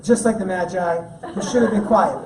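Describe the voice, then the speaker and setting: A man's voice: high-pitched, moderate pace, background noise. A man giving a sermon as guest speaker at a church, talking in a casual, joking way. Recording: echoey room, mic at a distance.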